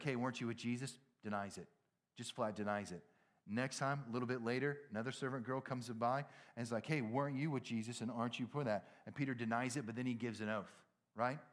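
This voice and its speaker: A middle-aged man with a Southern American accent, preaching in a casual, storytelling way that acts out dialogue, jumping from loud and high to hushed and low. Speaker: pastor. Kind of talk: sermon.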